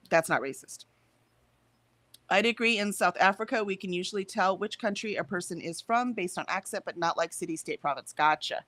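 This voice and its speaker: A woman's voice: on the low side, a little fast, a bit bright, dry recording. An American woman co-hosting a livestream in casual chat, reading out viewer comments and laughing often. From United States. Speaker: livestream co-host.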